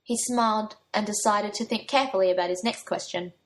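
A woman's voice: medium pitch, fairly quick. A woman reading a story aloud, giving her own light touch to the young men's lines. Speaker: narrator.

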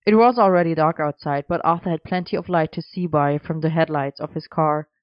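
A reader narrates a story evenly and with measure. The voice is smooth and clear, close to the mic. The recording is dry and a little dull. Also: medium pitch, fairly quick, dry recording. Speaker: audiobook reader.

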